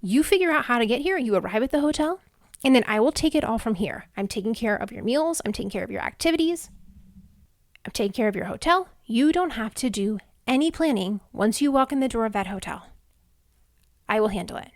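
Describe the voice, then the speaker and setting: A woman's voice: fairly high pitch, lively intonation, fairly quick, no echo, clean studio sound. Chatty, heartfelt woman podcast host. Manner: chatty, heartfelt, many "like" fillers. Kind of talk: casual solo podcast monologue. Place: Houston, Texas.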